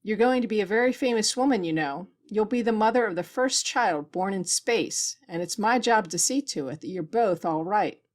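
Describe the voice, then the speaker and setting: A tense, clipped male doctor aboard a space station, as a woman reader voices him. He speaks in short, pressured sentences at a mid-range pitch. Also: expressive, moderate pace, hardly any pauses, natural voice.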